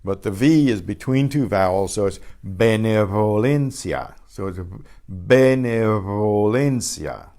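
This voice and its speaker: A man teaching a Spanish pronunciation class. He says each word slowly and repeats it, and he often clears his throat. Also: on the low side, mellow. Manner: models words slowly and repeats each one twice. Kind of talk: pronunciation lesson.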